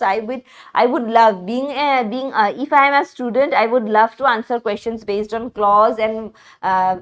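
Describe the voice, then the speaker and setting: A woman with a slightly high voice, working through exam questions as a teacher. She explains step by step, pausing and restarting with fillers as she goes. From India. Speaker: English teacher. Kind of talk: live exam question analysis.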